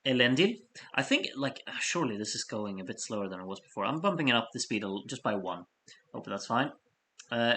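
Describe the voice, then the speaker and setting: A man hosting a live stream of fan votes, reading out scores in a chatty, apologetic way while he has the hiccups and keeps clearing his throat. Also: medium pitch, a bit bright, a little hiss or hum. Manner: chatty, apologetic asides between score readouts. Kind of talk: casual live-stream commentary.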